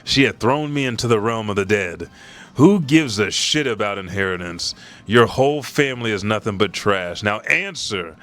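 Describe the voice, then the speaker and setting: A man hosting a live manga reaction, reading dialogue aloud and reacting profanely. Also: on the low side. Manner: profane, animated reading of dialogue in quick bursts.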